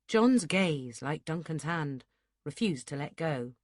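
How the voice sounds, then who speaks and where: A woman narrating an audiobook in a steady, measured reading. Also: deep voice, no room sound, clean studio sound. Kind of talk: scripted narration.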